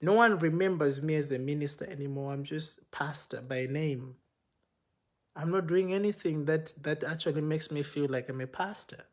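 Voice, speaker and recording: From his house, a pastor tells his own story on a live phone video, with no script and an easygoing feel. He acts out the dialogue vividly, going up in pitch and picking up speed as he voices other people, and his voice is a little higher than most men's.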